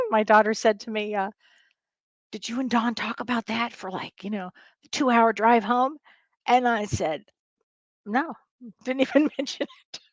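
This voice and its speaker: A woman's voice: on the high side, a little slow, long pauses, no echo. Chatty woman host, dry close sound. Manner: chatty storyteller, laughs often, rambling restarts. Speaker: spiritual medium host. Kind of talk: casual livestream chat. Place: home livestream. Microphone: webcam or streaming mic.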